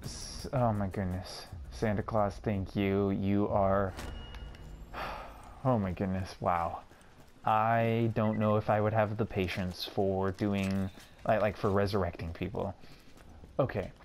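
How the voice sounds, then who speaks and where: A young man giving casual commentary over a video game, rambling and excitable, often stammering and repeating words. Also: lowish voice, slow. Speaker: gaming streamer.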